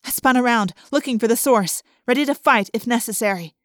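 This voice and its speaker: A woman narrating an audiobook in the first person, vivid and expressive. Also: a little high, fairly quick, no echo, studio quality.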